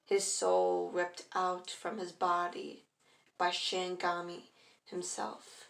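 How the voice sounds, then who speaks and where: A woman's voice: on the low side, vocal fry. A woman narrating a fan story casually, stumbling, restarting and apologizing to listeners. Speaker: fan fiction reader. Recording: echoey room.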